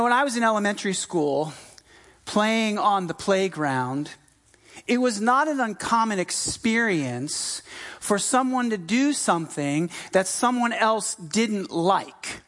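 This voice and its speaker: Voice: medium pitch, a bit bright. A middle-aged pastor from the United States giving a sermon in a conversational, emphatic way, repeating key phrases. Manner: conversational, with frequent fillers and restarts.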